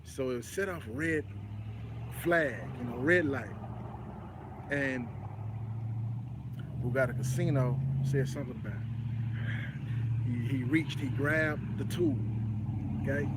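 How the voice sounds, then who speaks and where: A man's voice: medium pitch, a little slow, long pauses, noisy background. Texas man casually recapping street news. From Dallas-Fort Worth area, Texas. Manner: conversational storytelling, preachy asides, frequent "you know what I'm saying". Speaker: host of a commentary channel. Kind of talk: casual live news commentary.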